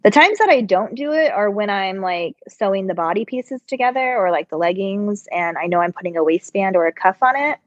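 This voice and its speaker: Her voice sits in the mid range, expressive and a little fast with hardly any pauses, as this middle-aged sewing channel host rambles through a casual live-stream chat while working. She answers viewer questions and sounds slightly congested, heard through a dry, dull-sounding mic with no echo.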